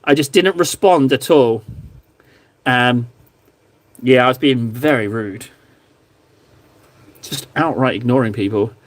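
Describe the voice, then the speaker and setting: A man's voice: medium pitch, takes it slowly, pauses often. An Englishman hosting a casual livestream while painting miniatures at home. He rambles, jokes about himself, and chats with his viewers into a close streaming microphone. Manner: rambling, self-deprecating, joking.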